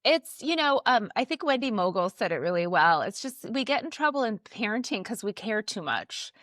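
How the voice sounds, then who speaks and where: A woman's voice: mid-range voice, very animated, moderate pace, a bit bright, no room sound, clean studio sound. A woman co-hosting a parenting podcast who speaks thoughtfully, affirming her partner and summing up the points. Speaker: podcast co-host. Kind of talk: casual parenting chat.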